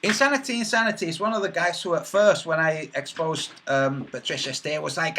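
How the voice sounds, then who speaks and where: A man's voice: a little high, animated, fairly quick, hardly any pauses, pushed and bright. A man hosting a casual livestream, reading chat messages aloud in a rambling, mocking way with many filler sounds.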